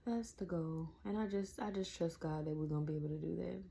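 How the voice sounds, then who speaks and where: A woman's voice: low voice, quick pace, gravelly, mellow. A woman around forty, chatting casually to camera and calling her viewers y'all. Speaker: vlogger.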